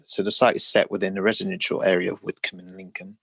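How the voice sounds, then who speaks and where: A man, a case officer, presenting a planning report in a formal, measured way on a video call. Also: sits low, flat delivery, vocal fry, a bit bright, breathy edge, no room sound, rough recording.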